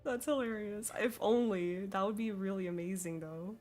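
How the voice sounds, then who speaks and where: A woman's voice: medium pitch, moderate pace, darkish tone. A young woman with a plain American accent chats with her stream while she draws. She giggles often and reads chat messages aloud in a bubbly way, her voice in the middle range. Faint music plays underneath. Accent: General American. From Sweden. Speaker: artist streamer.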